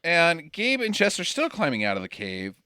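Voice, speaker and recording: A man's voice: on the high side, huge pitch swings, normal speed, bright, forceful tone, clear, resonant tone, no echo, studio quality. A man co-hosting a comedy podcast, recapping a bad movie in profane, exasperated rants and laughing often. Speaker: podcast co-host.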